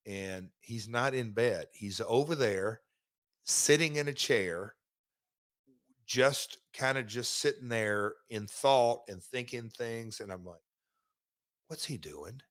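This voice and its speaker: A middle-aged man hosting a podcast, chatting casually and telling stories about his past in a relaxed, rambling way. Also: medium pitch. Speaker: podcast host, former wrestler. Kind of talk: casual chat and read sponsor ad.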